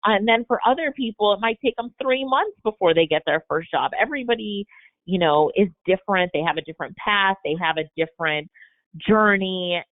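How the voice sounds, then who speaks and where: A woman's voice: mid-range voice, a little fast. Encouraging woman hosting a webinar. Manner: encouraging, motivational, upbeat. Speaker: webinar host. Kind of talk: live Q&A coaching session. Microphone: video call. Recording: tinny phone-like webinar audio.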